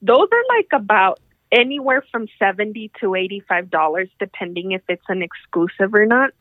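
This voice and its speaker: A woman's voice: medium pitch, expressive, normal speed, no echo. A woman co-hosting a podcast, chatting animatedly and swearing casually. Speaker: podcast co-host. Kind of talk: casual chat. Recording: tinny phone-like call audio.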